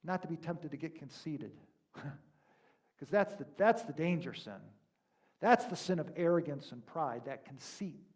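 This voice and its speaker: Preacher with a high voice, conversational and emphatic. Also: male voice, expressive, unhurried. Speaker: pastor. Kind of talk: sermon.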